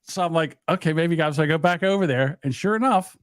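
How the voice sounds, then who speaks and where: A man co-hosting a casual livestream podcast, telling animated stories and jumping high for quoted voices. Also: brisk, clean tone, no room sound, studio quality. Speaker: podcast co-host.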